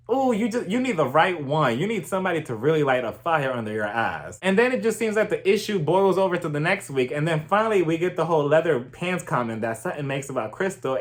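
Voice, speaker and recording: Sassy, animated young man reviewing TV. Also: on the high side. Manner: sassy and animated, addresses viewers as y'all. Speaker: TV show reviewer. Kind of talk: casual review vlog.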